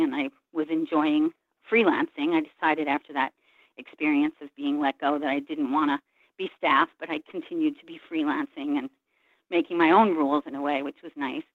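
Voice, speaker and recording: A woman's voice: low-pitched, fairly even intonation, brisk, no room sound. An earnest woman shares a long personal story as an interview guest, slipping into the voices of the people she describes. She comes through a tinny telephone line with no room sound around her. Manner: earnest, reflective, retells scenes by voicing others' words. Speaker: guest, Reiki practitioner.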